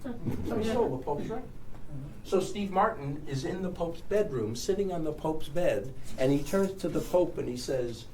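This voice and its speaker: A man's voice: on the high side, normal speed, few pauses. A man presenting a conference workshop, telling funny stories to an audience and laughing often. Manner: animated storyteller, laughs often. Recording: distant mic in a noisy room.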